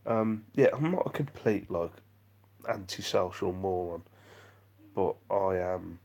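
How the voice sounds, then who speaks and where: A man's voice: on the low side, moderate pace, darkish tone. A man chatting on a live vlog stream, rambling and self-deprecating as he reads out viewer comments. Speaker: vlogger.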